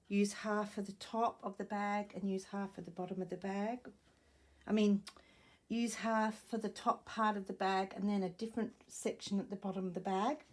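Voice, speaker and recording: Chatty woman with a husky voice. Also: medium pitch, darkish tone. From Australia. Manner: chatty and rambling, thinks aloud and corrects herself. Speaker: sewing crafter. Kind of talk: casual crafting vlog. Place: home room with a wooden floor. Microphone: camera set up nearby.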